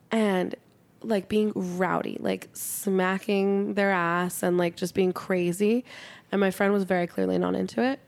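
Excitable young woman telling a wild story. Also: mid-range voice, vocal fry. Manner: excited storytelling, heavy "like" filler, frequent swearing. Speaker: podcast co-host. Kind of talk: casual podcast chat. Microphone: studio podcast mic.

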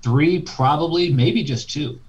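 A man's voice: a little high, unhurried, a little mellow, slight background noise. A man co-hosting a casual sports podcast, laid-back and hedging. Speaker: podcast co-host. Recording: dull lo-fi sound.

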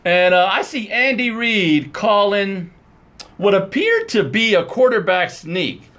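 Male sports podcast co-host, high voice, animated, playful banter. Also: slow. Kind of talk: casual sports talk.

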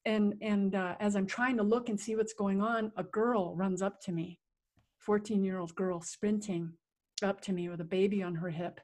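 A middle-aged woman, an interview guest, telling a personal story in a vivid, animated way that acts out sounds and quotes. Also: mid-range voice, normal speed.

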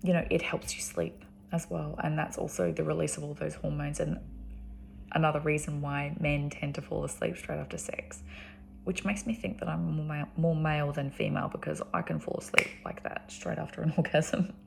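A woman's voice: deep voice, steady tone, normal speed, gravelly, a little hiss or hum. An Australian woman talking casually and rambling, with lots of ums and restarts. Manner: frequent ums and restarts, chatty. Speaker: vlogger.

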